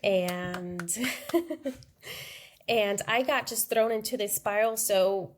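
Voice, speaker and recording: A woman's voice: mid-range voice, extremely slow. A woman in her thirties, a guest on a podcast, telling her personal story candidly and acting out the dialogue. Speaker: interview guest.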